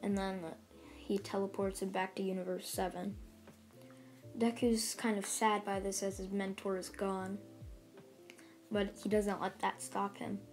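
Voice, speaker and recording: A woman's voice: mid-range voice, flat delivery, unhurried, pauses often, a little mellow, soft background music. A woman casually retelling a fan story, rambling along with lots of fillers and restarts.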